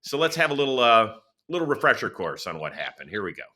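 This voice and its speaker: A man hosts a relaxed sports interview with an animated, joking manner, leading his guest into stories. His voice is strikingly bright and forceful, sitting at a middle pitch. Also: quick pace. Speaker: podcast host. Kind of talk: casual sports interview chat.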